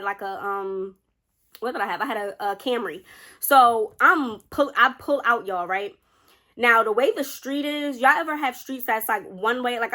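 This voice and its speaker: A young woman vlogger telling a personal story in a chatty, animated way, often speaking straight to her viewers. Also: fairly high pitch. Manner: chatty, animated, keeps addressing viewers directly. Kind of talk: casual storytime narration.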